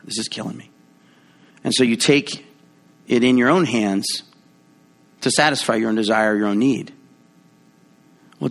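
A man preaching a sermon in a conversational, playful way, acting out quoted voices with big jumps in pitch. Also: vocal fry, fairly bright tone. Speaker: pastor.

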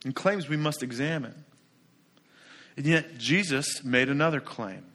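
With a medium-pitched voice and a measured pace, a man preaches to his congregation. He shifts from booming pronouncements to quiet asides and keeps throwing out rhetorical questions with strong emphasis.

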